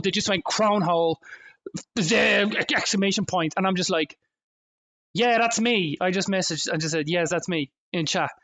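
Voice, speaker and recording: A man co-hosting a podcast, telling stories in an animated way, with lots of swearing and acted-out quotes. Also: high voice. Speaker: podcast co-host. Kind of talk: casual chat.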